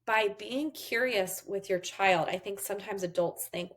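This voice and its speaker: A woman's voice: medium pitch, unhurried, few pauses. A woman therapist giving parenting advice in an interview, explaining step by step and acting out what a parent and child might say. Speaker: therapist guest.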